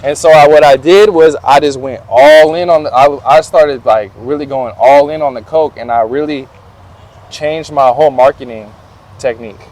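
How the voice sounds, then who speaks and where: A young man tells stories from his life in a slangy, laid-back way during a casual outdoor interview where he's the guest. His voice is fairly high for a man, with a darkish tone, and he talks at a normal speed.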